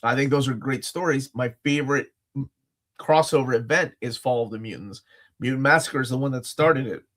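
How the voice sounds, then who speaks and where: A man co-hosting a casual chat livestream, talking in a rambling, jokey, animated way. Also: medium pitch, a little fast. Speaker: livestream co-host.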